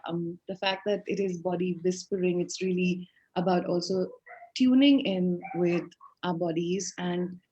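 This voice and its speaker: A woman's voice: on the low side, darkish tone. A woman interviewing a guest, enthusiastically summarizing what she hears and asking questions, with many fillers. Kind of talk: conversational interview.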